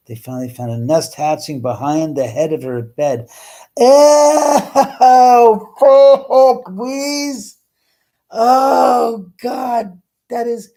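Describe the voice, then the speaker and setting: A man's voice: mid-range voice, warm tone. A man hosting a casual livestream from his home, chatting with viewers, exclaiming and swearing freely. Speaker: livestream host. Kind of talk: casual live-stream chat, answering viewers.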